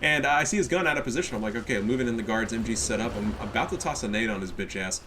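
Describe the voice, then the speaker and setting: A man's voice: mid-range voice, racing, background noise. A man with a stuffy nose giving casual, profane and cocky commentary on a strategy game match. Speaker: game caster.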